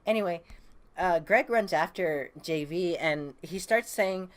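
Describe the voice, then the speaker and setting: A woman's voice: on the low side, unhurried. A woman reviewing a comic book issue, casually retelling the plot with lots of fillers and restarts, reading the characters' lines in her own voice. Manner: rambling, hesitant with many fillers and restarts; reads quoted dialogue in her own voice.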